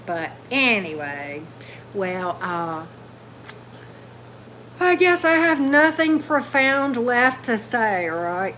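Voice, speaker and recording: A woman's voice: a little high, big pitch swings, drawn-out words, long pauses, sharp tone, a little hiss or hum, rough recording. A woman hosting a tarot livestream, chatting loosely and answering viewer comments as they come in. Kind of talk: casual livestream chat with viewers.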